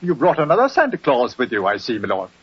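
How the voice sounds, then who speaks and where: An actor playing a deferential, fretful butler, formal and polite, in 1940s radio acting. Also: male voice, medium pitch, wildly swooping pitch, fast talker, breathy edge, heavily acted. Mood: anxious. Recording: dull lo-fi 1940s radio recording.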